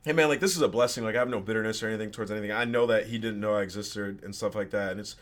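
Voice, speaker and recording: A man's voice: lowish voice, very fast. A man in his twenties, a podcast guest, casually telling a personal story with slang and swearing. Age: 20s.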